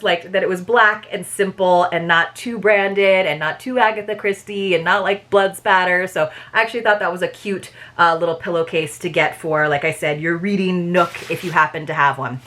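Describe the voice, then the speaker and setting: A woman's voice: mid-range voice, a bit bright. A woman reviewing a subscription book box in a chatty, casual way, laughing at herself and reading excerpts aloud. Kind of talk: casual review vlog with read-aloud passages.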